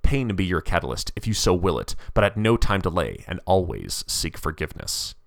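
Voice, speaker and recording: A man's voice: sits low, big pitch swings, moderate pace, vocal fry, dry recording, clean studio sound, full character voice. A man playing a stern, preaching poet spirit. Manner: stern, preaching, with mocking laughs. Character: stern medieval male poet spirit, scolding and grand. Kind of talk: dramatic reading of a story.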